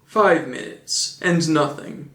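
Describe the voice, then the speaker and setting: A man's voice: on the high side, takes it slowly, bright, forceful tone, reverberant. A man narrating an old children's story and adding dry joking asides. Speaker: audiobook narrator. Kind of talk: casual storybook reading with asides.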